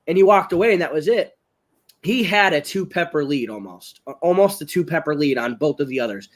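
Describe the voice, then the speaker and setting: Excitable American man on a webcam. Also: fairly high pitch, fairly quick. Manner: rambling, excitable storytelling, raises voice when recounting. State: ill, voice strained. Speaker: guest, chili-eating champion. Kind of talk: casual live-stream chat. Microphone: webcam on a live video call.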